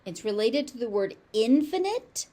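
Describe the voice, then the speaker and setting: A woman with a General American accent teaching pronunciation, saying each word slowly, sometimes syllable by syllable. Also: a little high, big pitch swings, dark tone. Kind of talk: slow, deliberate pronunciation lesson.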